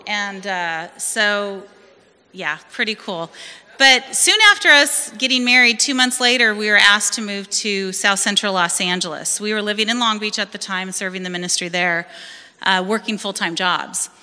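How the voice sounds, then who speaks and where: Bright-voiced woman telling her story. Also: medium pitch, smooth, big-room sound. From California. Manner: lively storytelling, acts out quoted voices. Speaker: church member giving testimony. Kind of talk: personal testimony at a church service. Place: church hall.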